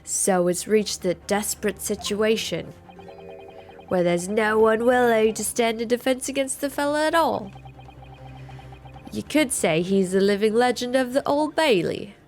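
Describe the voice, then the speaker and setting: A woman voicing a brash, scheming middle-aged man with a lilting brogue, gruff and slow, in a game playthrough. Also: fairly high pitch, darkish tone, faint music behind. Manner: blustering and conspiratorial. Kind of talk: video game voice-over playthrough.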